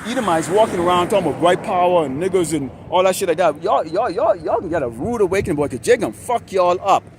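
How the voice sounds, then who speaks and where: A man's voice: high voice, expressive, quick pace. A man street preaching to a camera outdoors, heated, ranting and profane. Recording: outdoor traffic noise.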